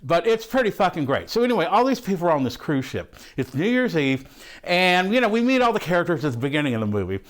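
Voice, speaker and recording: Guy doing a crude horny movie nerd, high voice, swears nonstop, rambling comedy bit. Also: very animated, fast. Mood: excited. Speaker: host reviewing a film. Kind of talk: comic character monologue.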